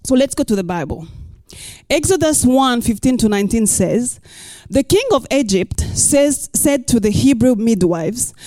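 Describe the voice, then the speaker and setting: Bright-voiced woman pastor preaching. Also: sits high, no room sound. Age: middle-aged. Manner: expressive, playful asides, rhetorical questions. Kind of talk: sermon with scripture reading.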